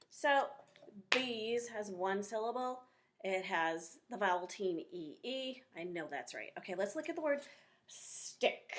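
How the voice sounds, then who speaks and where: A teacher talks her young class through a phonics lesson, and she is a woman with a mid-range voice. She speaks slowly and clearly, sounding out words and encouraging the children as she goes. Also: medium pitch.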